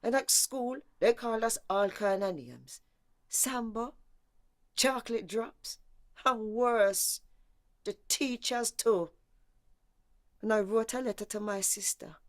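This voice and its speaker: A slow-spoken mother. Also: fairly high pitch, no room sound, clean studio sound. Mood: reflective. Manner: slow, measured storytelling. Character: Caribbean-born mother remembering arrival in England. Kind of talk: dramatic monologue in an audio drama.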